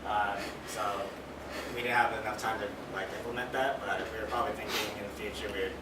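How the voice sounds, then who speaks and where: Young dude rambling thru a class presentation, lots of like and uh, far off, heavy noise. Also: male voice, fairly low pitch, fairly even intonation, quick pace. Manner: loose and rambling, heavy on fillers like "like" and "uh". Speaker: student presenter. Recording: echoey room, distant mic, loud noise.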